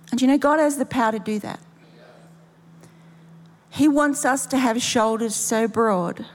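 A woman preaching a sermon in a church, making emphatic, repeated declarations and leading a closing prayer. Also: fairly high pitch. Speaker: pastor, guest preacher. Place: large church auditorium. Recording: long reverb of a big church hall.

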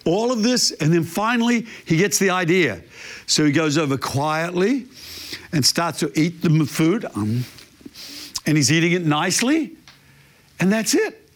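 A man preaching a sermon, telling a story in a lively, animated way. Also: sits high, moderate pace. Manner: animated storyteller, imitates barking dog. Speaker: pastor.

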